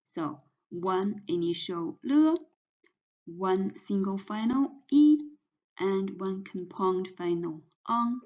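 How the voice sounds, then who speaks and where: A woman's voice: medium pitch, expressive, slow pace, a little mellow. A woman teaching pinyin pronunciation, patiently spelling out each sound and then blending the sounds together. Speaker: Chinese language teacher. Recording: dull, muffled lo-fi audio.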